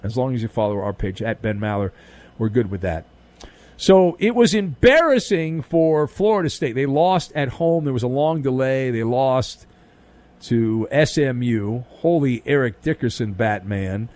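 Recorded dry in a radio studio, a man with a medium-pitched, slightly slow voice hosts an overnight sports talk show. His monologue is punchy, animated, and wisecracking, packed with jokes and pop-culture riffs.

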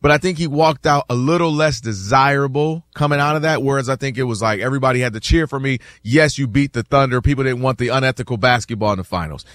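A man hosting a sports talk show, arguing a point in a casual, animated way and acting out fans' voices. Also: medium pitch, quick pace, hardly any pauses, dry recording, studio quality.

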